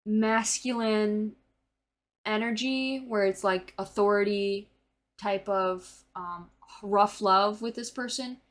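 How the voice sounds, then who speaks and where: A woman in her early twenties giving a casual tarot reading, rambling with lots of fillers and the odd swear. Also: mid-range voice. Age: early 20s. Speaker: tarot reader.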